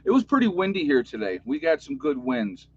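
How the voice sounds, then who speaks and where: A man's voice: a little high, very animated, brisk, slightly rough, muffled recording. Overtired man with a New York accent. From United States. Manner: rambling, chatty, joking, many fillers. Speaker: YouTube channel host. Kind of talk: casual livestream chat.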